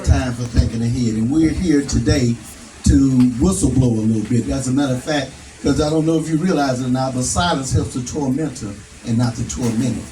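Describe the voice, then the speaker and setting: A man's voice: medium pitch, brisk, dark tone. Folksy, rousing man speaking in an echoey hall. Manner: rousing, folksy, laughs at his own jokes. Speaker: advocate speaker. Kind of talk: preacher-like speech at a prayer breakfast. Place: event hall. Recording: echoey room from a distance, noisy.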